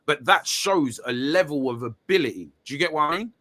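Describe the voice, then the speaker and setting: A man's voice: a little high, lively intonation, fairly quick, sharp tone. A man telling stories in casual chat about a battle rap. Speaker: battle rapper.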